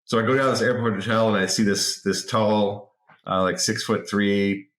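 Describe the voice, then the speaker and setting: Forties guy from the pacific northwest, lively storyteller, kinda low voice, roomy sound. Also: normal speed. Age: 40s. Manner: lively anecdotal telling with frequent word repeats. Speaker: podcast guest. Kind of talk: casual interview storytelling. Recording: roomy echo.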